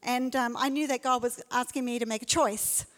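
High-voiced woman preaching in a hall. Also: fairly even intonation, normal speed, fairly bright tone. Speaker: pastor. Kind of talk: sermon. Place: church auditorium. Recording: long church hall reverb.

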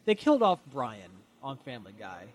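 A man's voice: medium pitch, huge pitch swings, a little fast, background noise. A man co-hosting a casual chat, rambling with many fillers and frequent laughs. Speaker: podcast co-host.

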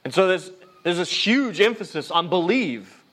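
A man's voice: high-pitched, animated, normal speed, a bit bright. A man preaching a sermon as pastor, earnest and conversational, often restarting his sentences. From United States.

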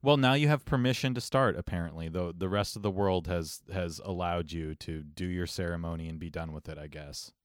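A man co-hosting a casual chat, ribbing his partner in a deadpan, teasing way. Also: deep voice, brisk, few pauses, clean tone, dry recording, studio quality.

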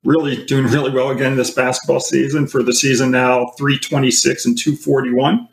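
A man in his fifties, a sports handicapper guest, talking in a relaxed, matter-of-fact way. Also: mid-range voice, moderate pace, vocal fry. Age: 50s. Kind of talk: casual interview answers. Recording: echoey room with faint noise.

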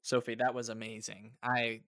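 A man's voice: medium pitch, level tone, normal speed, fairly bright tone, no room sound. Man, podcast host, effusive, appreciative, dry close sound. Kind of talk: casual interview chat.

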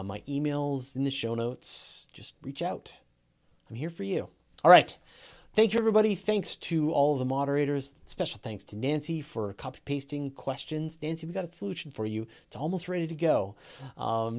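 A man's voice: medium pitch, lively intonation, fairly quick, creaky, a little mellow. A man with a Canadian accent hosting a live question show, talking enthusiastically with many fillers and restarts. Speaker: podcast host.

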